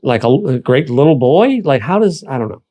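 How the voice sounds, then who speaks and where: Male co-host, relaxed and profane, very animated pitch. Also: a little fast. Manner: laid-back, swears casually. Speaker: movie review co-host. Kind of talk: casual chat.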